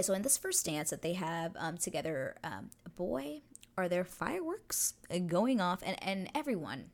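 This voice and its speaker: Young woman, low-pitched and animated, gushing casual recap with swearing. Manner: gushing, excitable, swears freely. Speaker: TV episode recap host.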